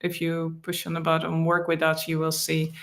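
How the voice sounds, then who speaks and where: A woman co-hosting a live online Q&A, speaking haltingly with many ums and restarts. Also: deep voice, monotone. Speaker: co-host, internal arts teacher.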